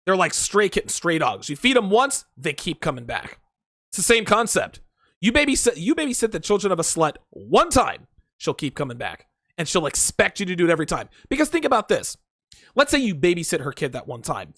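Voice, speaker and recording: A man alone on his stream delivers vulgar, expletive-laden dating advice, emphatic and repetitive as he rambles. His voice sits high, a touch bright, and moves through a wide pitch range. The audio is close and dry, with no room around it.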